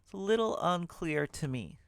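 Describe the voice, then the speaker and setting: With a high-sitting, animated, gravelly voice at a normal speed, a man teaches assembly programming in a screen-recorded walkthrough. He reasons aloud, corrects himself, and mutters side remarks as a programming tutor. The sound is smooth, with no room sound.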